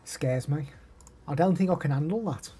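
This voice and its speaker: A man's voice: fairly high pitch, moderate pace, mellow, husky. Chatty Midlands man streaming live. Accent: English Midlands. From the English Midlands. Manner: chatty, reads out viewer names and answers them. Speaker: live streamer demoing microphones. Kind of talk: casual live stream chat.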